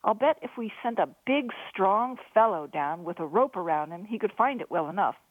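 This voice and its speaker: A woman voicing a cheeky young male ship's crewman with wheedling, quick-witted banter. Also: mid-range voice, lively intonation, slightly rough, dry recording. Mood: teasing. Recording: dry, phone-like narrow sound.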